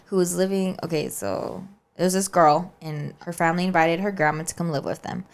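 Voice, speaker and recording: A woman's voice: on the low side, brisk, clean tone. A woman podcast co-host casually telling a spooky story, chatty and always checking in with "right?" and "like.". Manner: chatty, keeps saying "right?" and "like".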